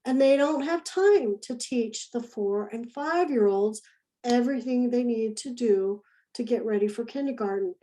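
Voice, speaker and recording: A woman's voice: a little high, moderate pace, dark tone, rough recording. A woman teaching early childhood education in a recorded lesson, talking in a conversational, demonstrative way and repeating key phrases.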